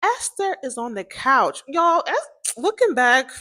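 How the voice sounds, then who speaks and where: Her voice is sing-song, slow, pushed and bright as she tells a personal story on her podcast. Chatty and frank, she speaks right to the audience, voices other people's lines, and admits her voice is pitchy and cracky.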